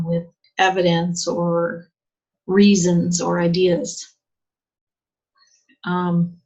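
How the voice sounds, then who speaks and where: A woman gives an English exam lesson in a chatty, questioning way, her voice sitting a little low. The recording sounds dull and lo-fi. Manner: chatty teaching, rhetorical questions, many fillers. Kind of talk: online lesson.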